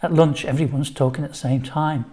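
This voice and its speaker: Older man, storybook reader, slightly higher voice, chatty asides. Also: steady tone, a little fast, mellow. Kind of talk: reading his own children's story.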